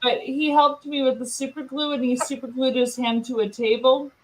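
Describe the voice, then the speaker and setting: A woman hosting a craft channel, chatting casually with friends on a group video call, talking in quick asides and laughing often. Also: high-pitched, fairly even intonation, slight background noise, low-quality recording.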